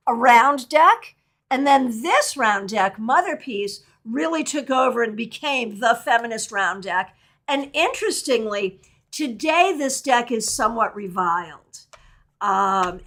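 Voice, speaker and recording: A woman's voice: a little high, sharp tone. A middle-aged woman teaching a live online tarot workshop, chatting candidly and answering viewer questions as she goes.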